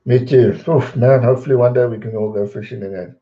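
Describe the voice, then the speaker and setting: A man's voice: mid-range voice, fast talker. Laid-back man chatting. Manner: relaxed, rambling, repeats words when distracted. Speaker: streamer answering viewer questions. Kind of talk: casual live-stream chat. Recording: dull roomy home stream audio.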